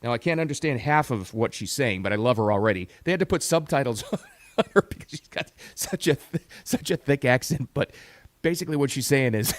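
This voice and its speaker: A man's voice: medium pitch, animated, brisk, no echo. A middle-aged man hosting a talk radio show, giving an emphatic, opinionated monologue that repeats words for stress.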